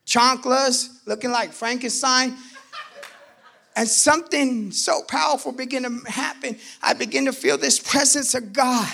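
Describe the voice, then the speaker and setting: A man telling his personal faith testimony in an animated way, acting out the voices in his story and bursting out loud at times. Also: extremely high pitch, creaky. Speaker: testimony speaker.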